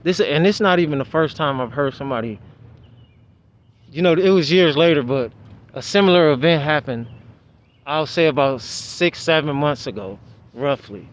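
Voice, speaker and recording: A man's voice: a little high, normal speed. A man telling a story in a casual, rambling vlog monologue, with many restarts. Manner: rambling, restarts, animated retelling. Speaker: vlogger. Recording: dull lo-fi outdoor recording.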